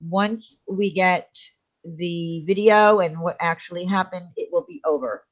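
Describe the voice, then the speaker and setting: A woman co-hosting a casual live chat show, talkative and quick to laugh, trailing off between thoughts. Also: on the low side, muffled recording. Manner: chatty, laughs often, trails off. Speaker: livestream co-host.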